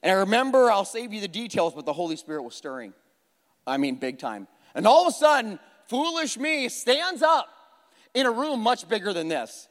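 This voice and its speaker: A man preaching a sermon in a church, conversational and animated, repeating phrases for emphasis and joking at his own expense. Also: high-pitched, moderate pace. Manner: conversational with self-deprecating humor. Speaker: pastor. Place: church hall. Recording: long hall reverb.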